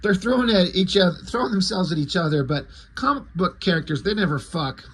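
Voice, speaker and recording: A man reviewing a comic book in a casual recap, crude, excitable and sarcastic. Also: sits high, brisk, slightly rough.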